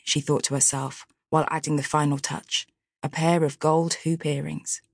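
A woman with a low, grounded voice reads a novel aloud in a steady, measured way. The recording is dry and close, with no room sound at all. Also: no room sound. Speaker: audiobook narrator. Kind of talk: scripted narration.

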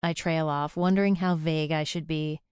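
A woman's voice: deep voice, fairly even intonation, normal speed, darkish tone, smooth, no room sound, studio quality. A young adult woman narrating a first-person audiobook in a chatty, confiding way.

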